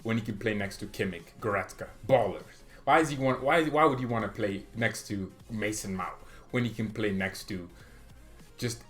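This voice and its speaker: A man hosting a football fan channel, arguing his opinions in a jokey, animated way. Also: on the low side, moderate pace, soft background music. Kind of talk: casual opinion vlog.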